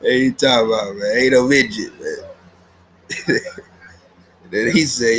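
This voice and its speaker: A man's voice: medium pitch, extremely slow, long pauses, fairly bright tone, slight background noise, low-quality recording. A man reviewing an anime episode in a casual, slangy, rambling way, laughing often, recorded at home with the TV on.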